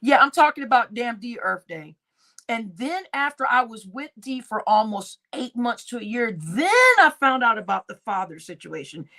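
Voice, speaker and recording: A woman's voice: on the high side, animated, normal speed, bright, forceful tone. A woman hosting a casual livestream, rambling through a story and acting out what people said. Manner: rambling, acts out quoted dialogue. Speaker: livestream host. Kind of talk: casual live-stream storytelling.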